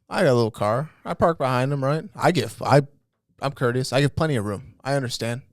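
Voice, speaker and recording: A man's voice: medium pitch, fairly quick, dry recording, studio quality. Profane ranting guy on a podcast. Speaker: podcast co-host. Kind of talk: casual comedy podcast chat.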